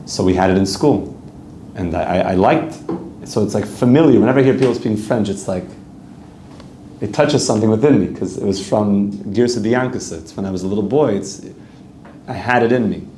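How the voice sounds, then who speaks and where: A man's voice: lowish voice, a little fast, mellow, roomy sound, slight background noise. A man, a rabbi giving an earnest, conversational Torah class, reading Hebrew text aloud and translating it as he goes. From Canada.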